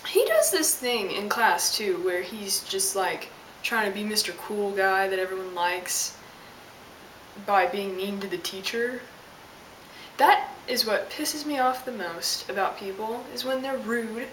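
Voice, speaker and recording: A woman's voice: medium pitch, expressive, measured pace, fairly bright tone. Young woman, sassy exasperated rant, echoey room, light hiss. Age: young adult. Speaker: vlogger. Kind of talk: casual ranting vlog. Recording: roomy, distant mic with hiss.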